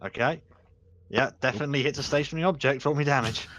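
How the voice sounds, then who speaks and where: A man's voice: mid-range voice, fast, fairly bright tone. A man narrating as game master in a casual, loose way, full of small fillers.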